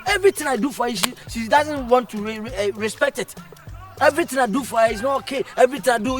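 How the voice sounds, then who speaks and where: A man's voice: very high-pitched, lively intonation, quick pace, soft background music. A man from Ghana with a Ghanaian accent, pleading and complaining in a comedy skit.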